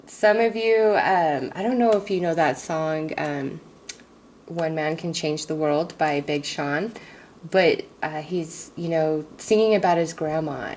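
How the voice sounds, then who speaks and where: Low, slow-talking woman reading tarot. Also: darkish tone, slight background noise, poor audio. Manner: halting, many fillers, becomes emotional. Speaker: tarot reader. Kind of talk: casual spiritual reading to viewers.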